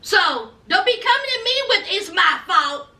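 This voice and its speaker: A woman's voice: extremely high pitch, sing-song, moderate pace, pushed and bright, recorded from a distance, full character voice. A woman quoting a defensive young man who refuses to take the blame, delivered sassily with a laugh in it. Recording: echoey room, away from mic.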